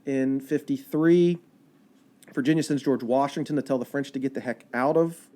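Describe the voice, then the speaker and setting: A man, a park ranger guest, telling history in a chatty, animated storytelling way. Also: mid-range voice, moderate pace. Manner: animated, chatty storyteller with fillers and quoted asides.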